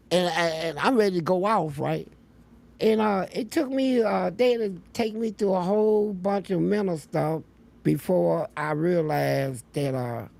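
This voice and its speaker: A man's voice: high voice, gravelly, darkish tone. A man telling blunt, profane stories as a guest in an interview. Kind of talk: storytelling interview.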